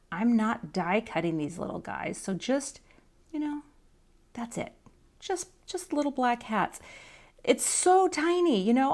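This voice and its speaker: A woman's voice: on the high side, gravelly, darkish tone. A woman teaching card coloring in a casual, chatty talk-through, self-deprecating and muttering to herself as she works. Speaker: craft teacher.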